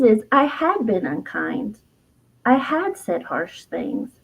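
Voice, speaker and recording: A woman's voice: on the high side, sing-song, measured pace, darkish tone, rough recording. A middle-aged woman, an herbalist and author, telling a personal story as an interview guest in an earnest, heartfelt way, laughing often and restarting her sentences. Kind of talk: candid personal storytelling in conversation.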